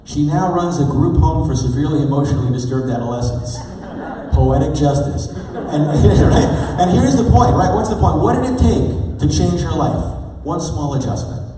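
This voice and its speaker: A man speaking as a motivational speaker, telling a story to a live audience in an animated, chatty way and asking them questions. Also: on the high side, moderate pace, a little hiss or hum. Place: large hall. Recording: echoey hall from far off.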